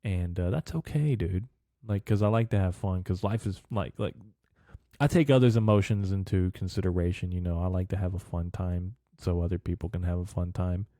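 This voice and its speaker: A man's voice: sits low, normal speed, dark tone, no echo, studio quality. A man in his twenties hosting a podcast, rambling casually in a profane, bro-speak manner. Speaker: podcast host.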